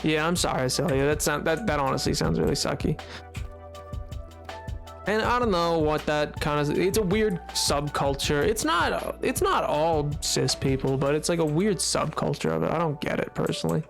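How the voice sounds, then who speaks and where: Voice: expressive, moderate pace, vocal fry. Streamer rambling to chat mid-game, voice jumps way up when surprised, bit of music faint in the back. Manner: rambling, answers chat, sudden high-pitched outbursts. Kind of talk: casual live-stream chat while gaming.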